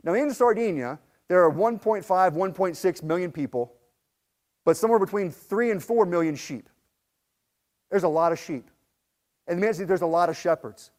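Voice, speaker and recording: A high-voiced American man preaches a heartfelt sermon built around a personal story, sounding like a pastor. He's expressive and earnest at a normal speed, pushing hard toward emphatic peaks before dropping soft and low, with long pauses and frequent restarts and repeated words.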